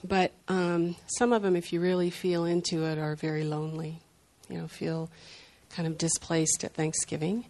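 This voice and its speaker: A woman's voice: fairly low pitch, little pitch movement, moderate pace, hardly any pauses, a little mellow. Older woman telling a heartfelt story. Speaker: group sharer.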